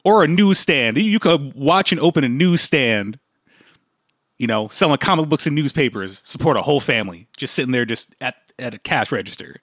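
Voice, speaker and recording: A man's voice: medium pitch, expressive, normal speed, a bit bright, dry recording. Rambling man, dry close sound. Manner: rambling, trailing off, chuckling. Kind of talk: casual chat.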